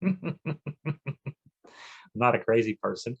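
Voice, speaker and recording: A man's voice: fairly low pitch, steady tone, normal speed, a bit bright, husky, lo-fi sound. A man in his forties hosting a solo comedy podcast, rambling and self-mocking, bursting into mock-macho rants. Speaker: podcast host.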